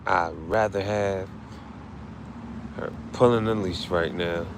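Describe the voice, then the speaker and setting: Low-voiced guy grieving, slangy and sweary, keeps repeating lines, quiet road noise. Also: steady tone, takes it slowly. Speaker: streamer. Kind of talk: emotional casual talk.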